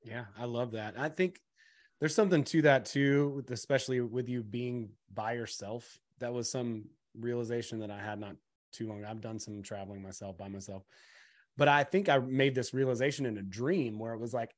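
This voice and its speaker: A man hosting a casual chat, talking in a reflective, halting way. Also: medium pitch.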